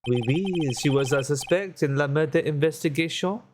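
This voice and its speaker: A man's voice: a little high, brisk, noisy background, close to an everyday voice. A man reading a fussy, flamboyant French restaurant owner in an exaggerated put-on French accent for a video game. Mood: theatrical. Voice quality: exaggerated French-accented English, sprinkled with French words. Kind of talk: reading game dialogue aloud.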